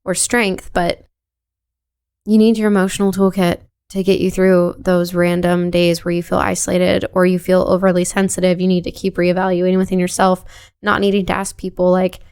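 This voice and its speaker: Young woman with a gravelly even voice. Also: on the low side, moderate pace. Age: young adult. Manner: earnest, reflective, many "like"s. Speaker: podcast guest. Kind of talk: casual podcast conversation.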